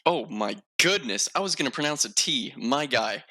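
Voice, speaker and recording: A man's voice: mid-range voice, expressive, moderate pace, bright, forceful tone. A man hosting a casual podcast chat, rambling and self-mocking with lots of filler words. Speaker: podcast host.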